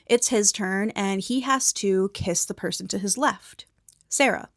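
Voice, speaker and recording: A young woman gives a soft-spoken ASMR film recap, sliding between a quiet voice and breathy whispers. Her commentary is casual and frank, with a bit of swearing. The sound is close and dry, with no room around it. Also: mid-range voice, unhurried, no room sound. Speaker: movie recap host.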